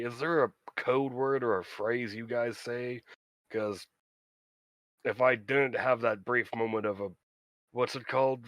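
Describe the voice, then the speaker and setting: A man's voice: medium pitch, fairly bright tone, no echo. A man speaking as a player in a tabletop game, blunt and matter-of-fact. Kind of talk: casual tabletop game chat.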